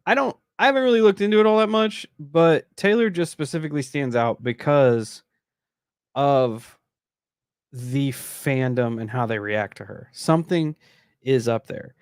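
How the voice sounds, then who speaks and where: A man's voice: mid-range voice, measured pace, clean tone, no echo, studio quality. A man co-hosting a podcast in casual chat, rambling and laid-back, often trailing off mid-thought. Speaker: podcast co-host.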